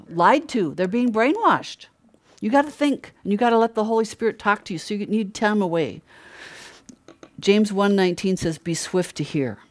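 A woman's voice: medium pitch, darkish tone. Older woman preaching in a chatty way. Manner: chatty, rhetorical questions, frequent laughs. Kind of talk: conversational sermon.

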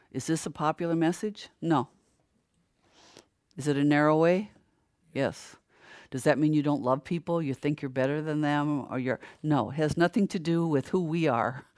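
An older preacher giving a sermon, asking rhetorical questions, answering them, and growing louder and higher when stirred. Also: no echo, clean studio sound.

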